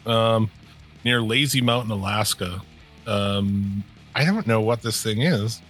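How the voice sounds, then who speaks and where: A man's voice: fairly low pitch, takes it slowly, a bit bright, soft background music. A man co-hosting a podcast, chatting loosely with lots of swearing, rambling and trailing off mid-thought. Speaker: podcast co-host. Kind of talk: casual profane chat.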